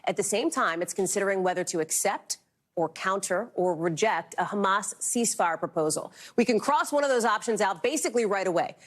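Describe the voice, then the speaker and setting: Brisk woman news anchor. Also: medium pitch, animated. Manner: brisk, emphatic headline delivery. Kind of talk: live cable news anchoring.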